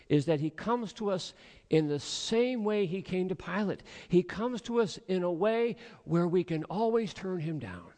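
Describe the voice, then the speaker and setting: A man's voice: sits high, a little mellow. A pastor giving a sermon in a church, earnest and rhetorical, acting out the voices of his listeners. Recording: long hall reverb.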